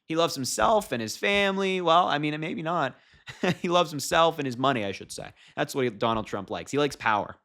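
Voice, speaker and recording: A young man talks straight to his viewers about politics. His voice is bright and forceful, and his delivery is mocking and loose. He laughs often at his own points. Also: a little high, expressive, moderate pace, gravelly. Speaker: political commentator. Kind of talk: casual political commentary.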